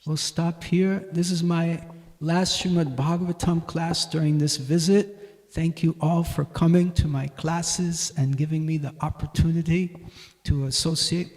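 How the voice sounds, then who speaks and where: A man giving a devotional class at a temple, teaching in a measured way and telling stories. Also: fairly high pitch, fairly even intonation. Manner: measured teaching, voice rising loudly for quoted shouts. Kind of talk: devotional lecture with storytelling. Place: temple hall.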